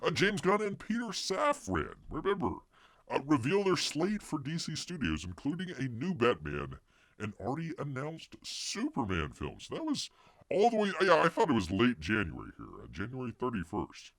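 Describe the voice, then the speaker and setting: A man's voice: mid-range voice, huge pitch swings, normal speed, a bit bright, dry recording. A man hosting a casual livestream, rambling and jokey as he reads news and chat, calling himself Bear. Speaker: livestream host.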